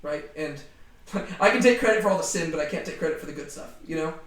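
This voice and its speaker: A man leading a casual Bible study, talking in an animated way with many fillers. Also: on the high side, fast. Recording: echoey room, distant from mic.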